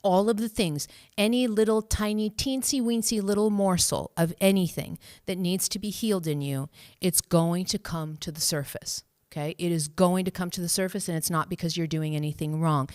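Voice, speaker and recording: A woman hosting a live stream as a spiritual coach, speaking gently and reassuringly, laughing often and acting out inner voices in a high cheery tone. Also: steady tone, normal speed, no room sound, studio quality. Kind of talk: live-stream guidance, answering viewer questions.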